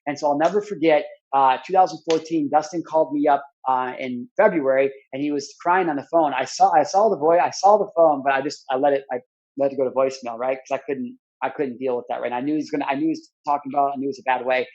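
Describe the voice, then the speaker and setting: A man's voice: mid-range voice, fast talker, a little mellow, muffled recording. A man in his thirties, speaking as a podcast guest, tells a personal story in an earnest, rambling way full of "like" and restarts. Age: 30s.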